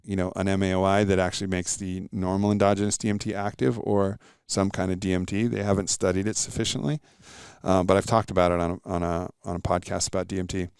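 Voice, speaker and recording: Deep creaky-voiced man, reflective guest. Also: flat delivery, quick pace, few pauses, a little mellow, no echo, studio quality. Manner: reflective, earnest storytelling. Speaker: podcast guest. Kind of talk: casual interview chat.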